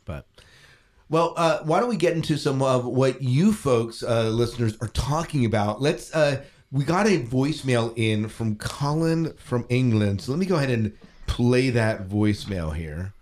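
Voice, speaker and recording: A man's voice: mid-range voice, animated, normal speed, a little mellow. A middle-aged man hosting a podcast, talking casually with frequent restarts. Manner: rambling, hesitant, many restarts and laughs. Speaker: podcast host.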